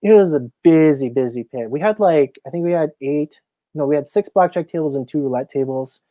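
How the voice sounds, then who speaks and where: A man's voice: a little high, a little fast, no room sound, highs cut off. A man who works as a casino floor supervisor, a guest telling stories in a casual interview, chatty and full of fillers. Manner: chatty, filler-heavy, animated retelling.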